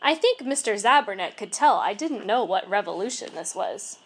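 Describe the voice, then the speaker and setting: High, lively woman reading a storybook. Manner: expressive, measured read-aloud. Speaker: reader. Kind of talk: storybook narration.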